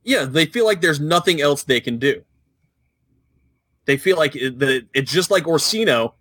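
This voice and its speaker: A man co-hosting a casual gaming podcast, telling the story with animated jokes. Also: a little high, moderate pace, dry recording. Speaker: podcast co-host.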